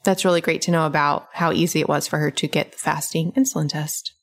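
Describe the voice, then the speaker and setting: A woman's voice: sits low, steady tone, fast. A woman hosting a podcast, explaining ideas step by step in casual conversation. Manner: explanatory, lays out advice step by step. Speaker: podcast host.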